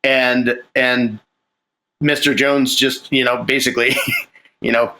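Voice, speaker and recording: Bright-voiced man rambling about a script. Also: medium pitch, little pitch movement, slow, rough recording. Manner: rambling, many restarts and fillers, acts out lines. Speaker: screenwriter. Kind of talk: casual conversation about a film script.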